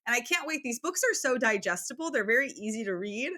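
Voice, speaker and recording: A young woman co-hosting a casual book podcast, playful and quick to laugh, swearing now and then. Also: a little high, expressive, bright, forceful tone. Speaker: podcast co-host.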